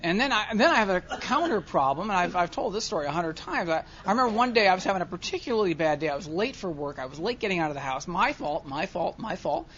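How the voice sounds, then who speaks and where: A man speaking at a recovery meeting, telling a self-mocking story to an audience and swinging from quiet asides to loud comic rants. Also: high voice, sing-song, fast, hardly any pauses, slight background noise. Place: large convention hall with audience. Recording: dull lo-fi live hall recording, faint crowd.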